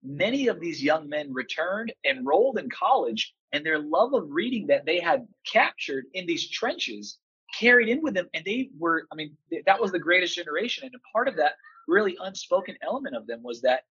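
A man in his thirties tells his stories with a husky, slightly rough edge and plenty of animated emphasis, acting out what others said. The audio is muffled and lo-fi, as if heard over a remote line. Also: fairly high pitch, normal speed. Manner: animated, emphatic, acts out quotes. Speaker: podcast guest, teacher and father. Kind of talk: enthusiastic storytelling chat.

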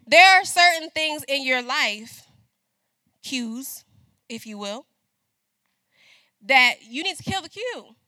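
A middle-aged woman preaches in a loose, talky way, turning often to the congregation for an answer. Her voice is bright and a little high. The sound is dry and close. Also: expressive, takes it slowly, long pauses, no echo. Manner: conversational preaching, calls out to congregation. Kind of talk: sermon.

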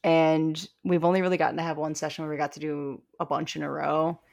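A young woman co-hosting a casual podcast, talking in a rambling, self-deprecating way. Her voice sits low and has a gravelly rasp at the edges. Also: level tone, brisk, darkish tone. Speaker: podcast co-host. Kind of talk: casual chat.

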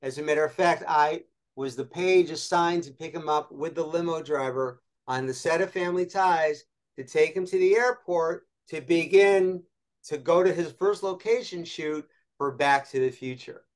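A male interview guest with a somewhat raised pitch for a man. He tells lively stories, bouncing into quoted voices of the people in them. It is a relaxed conversational exchange. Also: moderate pace. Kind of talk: animated storytelling in conversation.

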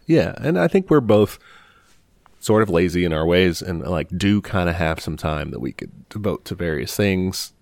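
A man's voice: low-pitched, lively intonation, normal speed, gravelly, darkish tone, no room sound. A man co-hosting a casual podcast chat, rambling and hedging with "you know" and "I don't know". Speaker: podcast co-host.

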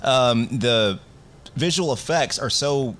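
A man's voice: medium pitch, lively intonation, slow, a bit bright. A man co-hosting a casual movie-review chat, talking in a profane, jokey way. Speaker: podcast co-host.

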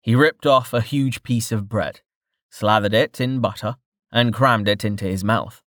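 A man reading a fantasy novel aloud as an audiobook narrator, in even, steady scripted narration. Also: on the low side, a little slow, dry recording, clean studio sound.

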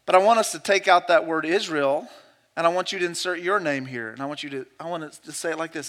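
A man preaching a sermon to his church and online viewers. He moves between hushed, pleading passages and loud, urgent exhortation, and he repeats phrases for emphasis. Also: fairly high pitch, a little fast. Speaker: pastor. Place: church sanctuary, also streamed online.

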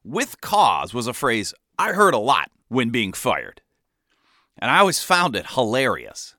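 A man telling a comic first-person story in a wry, animated way. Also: mid-range voice, a little slow, no room sound, studio quality.

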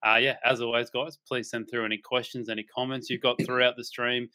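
Aussie bloke hosting a betting stream, bright voice, easygoing and laughs a lot. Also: male voice, medium pitch, level tone, brisk. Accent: Australian. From Australia. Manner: laid-back, swears freely, laughs often. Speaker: podcast host. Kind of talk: casual sports betting chat.

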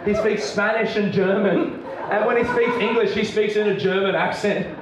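Stand-up in his thirties, high and rowdy, mic'd from afar with crowd noise behind. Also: normal speed. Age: 30s. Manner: loud, animated, laughing, swearing. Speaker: stand-up comic. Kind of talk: live stand-up set. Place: comedy stage, indoors. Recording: echoey venue taped from far off, crowd noise.

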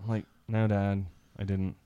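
A man from Iowa co-hosting a podcast, telling a crude, animated hunting story and laughing as he talks. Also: on the low side, normal speed, smooth, dull audio. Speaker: podcast co-host. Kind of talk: crude storytelling among friends.

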